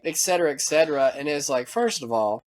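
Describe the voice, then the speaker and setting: An American man co-hosting a podcast, ranting casually and profanely, mimicking other people in quick asides. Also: on the high side. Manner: profane, animated ranting with mock quoted voices. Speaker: podcast co-host. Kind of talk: casual chat.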